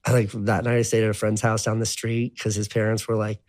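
A man's voice: lowish voice, monotone, brisk, a little mellow. A man in his thirties telling his life story as an interview guest, rambling and profane, full of "like". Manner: rambling, profane, heavy use of filler "like". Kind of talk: casual storytelling.

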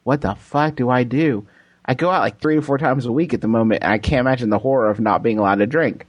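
A man's voice: mid-range voice, quick pace, slightly rough, no echo. A man co-hosting a comedic podcast, joking and laughing often while reading and answering listener questions. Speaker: podcast co-host. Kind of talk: comedic casual chat.

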